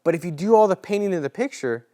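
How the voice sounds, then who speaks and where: A man teaching a sales training class in a casual, animated way, often acting out talks with clients. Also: high-pitched, quick pace. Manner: casual, animated coaching with role-played client dialogue.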